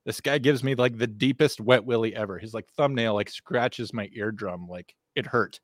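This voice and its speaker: A man guesting on a podcast, casually telling a rambling, animated anecdote with plenty of swearing. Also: on the low side, normal speed, no echo, studio quality.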